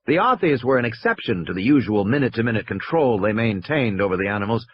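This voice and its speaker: A man narrates an audiobook at a steady storytelling pace, his slightly husky voice rising and falling with animated pitch. The recording is dry and somewhat muffled. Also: fast.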